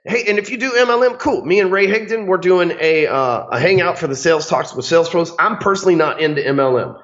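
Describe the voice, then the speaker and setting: A man holds forth in a blunt, profane advice rant, hammering each point home. His voice sits a little high for a man. The recording sounds dull and lo-fi. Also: fast talker, fairly bright tone. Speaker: host.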